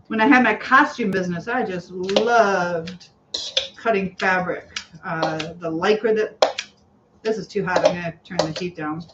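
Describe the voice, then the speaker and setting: A woman's voice: medium pitch, dull audio, very noisy. A woman hosting a cooking livestream in her home kitchen, chatting casually and rambling to viewers while she cooks. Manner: chatty, rambling, greets viewers, laughs often.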